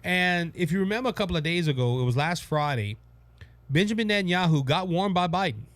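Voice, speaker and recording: A man's voice: high-pitched, animated, a little fast, fairly bright tone, no room sound. Cajun man rambling on politics, dry sound. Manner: rambling, restarts often, emphatic. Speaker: podcast host. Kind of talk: casual political talk.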